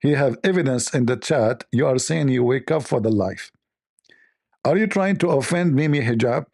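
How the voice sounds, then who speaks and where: Gravelly, mellow-voiced man teasing his chat. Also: mid-range voice, expressive, normal speed. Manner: teasing, joking, mock-offended banter. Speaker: livestream host. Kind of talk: casual livestream chat with viewers.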